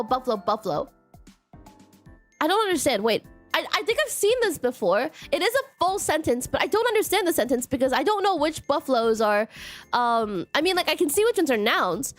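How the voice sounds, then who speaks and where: A woman streamer chatting casually and reading viewer messages aloud, giggling often and playfully repeating stock phrases. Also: high voice.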